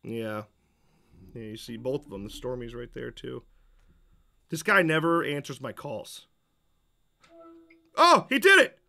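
Bright-voiced opinionated male streamer. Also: mid-range voice, a little slow, creaky, long pauses. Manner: rambling and opinionated, with frequent restarts and fillers. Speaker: streamer reacting to a developer Q&A. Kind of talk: casual live-stream commentary.

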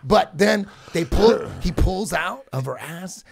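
Man, high voice, gravelly, animated storyteller, loud then hushed. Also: slow pace, crowd noise. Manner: animated, swings between loud outbursts and hushed asides. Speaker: guest. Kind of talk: casual storytelling.

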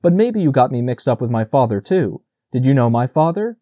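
A man's voice: medium pitch, big pitch swings, a little fast, dark tone, no room sound, clean studio sound. A man voicing a talkative, eager young male squirrel in a storybook reading. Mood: chatty. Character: chattering young male squirrel, friendly and rambling.

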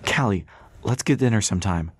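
A man's voice: lowish voice, animated, brisk, breathy edge, no echo, studio quality. A man voicing a flustered, earnest young male adventurer in an audiobook. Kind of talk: audiobook character voice.

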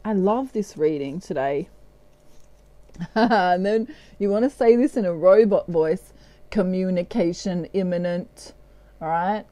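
A woman's voice: medium pitch, mellow, no echo. A woman giving a casual tarot reading in a playful way, often slipping into bits of song. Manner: playful, breaks into snatches of song and laughs. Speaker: tarot card reader.

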